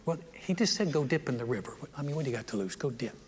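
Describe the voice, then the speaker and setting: A man voicing a humble male servant who gently coaxes his master, in a soft, persuading voice. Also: mid-range voice, lively intonation, fast, in a large hall, slight background noise, voice pushed down, natural voice. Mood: coaxing.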